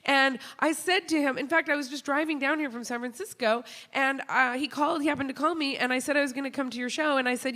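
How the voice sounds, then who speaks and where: A woman telling a funny personal story on stage to an audience. She talks in an animated way, laughs often, and acts out the people she quotes. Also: sits high, quick pace, hardly any pauses. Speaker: comedian and show host. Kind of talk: live comic storytelling to an audience.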